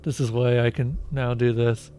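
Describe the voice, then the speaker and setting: Casting: a man as a tedious, droning game character who speaks in a flat monotone. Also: mid-range voice, moderate pace, a little hiss or hum, close to an everyday voice. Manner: boring monotone delivery. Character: dull, droning unshaven adult man.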